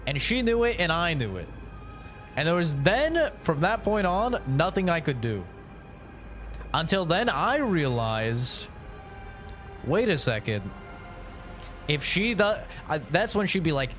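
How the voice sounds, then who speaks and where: A man's voice: medium pitch, sing-song, normal speed, fairly bright tone, soft background music. A young man chatting on a gaming stream, telling crude, profane, rambling stories. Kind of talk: casual stream chat.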